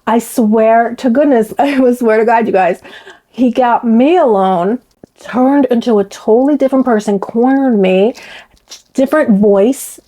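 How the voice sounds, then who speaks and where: Speaking a little slowly in a slightly high, mellow voice, this commentary vlogger gossips and chats with her viewers, whom she calls "you guys." The recording quality is low.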